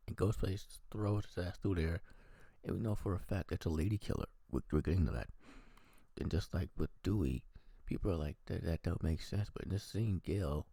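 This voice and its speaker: A man's voice: sits low, vocal fry, dark tone, breathy edge, no echo. A man giving a casual, profane movie review, animatedly acting out the characters' lines.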